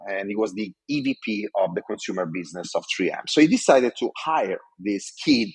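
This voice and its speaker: Podcast guest: Italian man, 40s, Italian accent, lowish husky voice, animated storyteller. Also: fairly quick, poor audio. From Italy. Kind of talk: interview storytelling.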